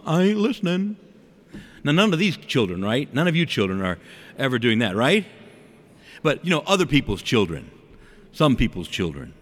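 Male preacher giving a sermon, expressive swooping delivery, asks the congregation questions, big reverberant room. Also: fairly high pitch. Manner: animated, with rhetorical questions to the congregation.

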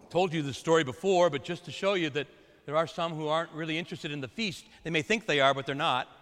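A male priest preaching a sermon earnestly, urging his listeners and often dropping to a soft, intense tone. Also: fairly high pitch, long reverb tail. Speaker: Catholic priest.

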